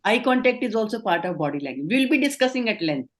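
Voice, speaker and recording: A woman's voice: mid-range voice, sing-song, fast talker. Indian woman trainer quizzing a class. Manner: explaining, asks questions and affirms answers. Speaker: communication trainer. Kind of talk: online training session.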